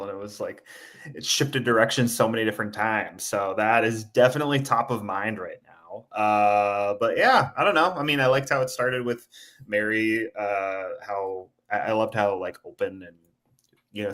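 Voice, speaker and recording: A man's voice: fairly low pitch, a bit bright. A man on a podcast panel, talking in a thoughtful, hesitant way. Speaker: podcast co-host. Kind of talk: casual recap chat.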